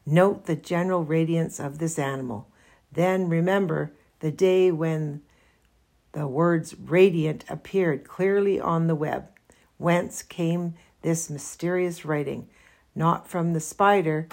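A woman reading aloud voices a male fair announcer speaking over a loudspeaker, formal and oratorical. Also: low voice, fairly even intonation, takes it slowly. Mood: orating.

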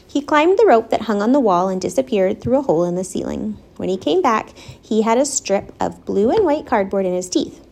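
A woman narrating a children's storybook aloud in an expressive, measured way. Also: mid-range voice, creaky. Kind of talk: storybook reading.

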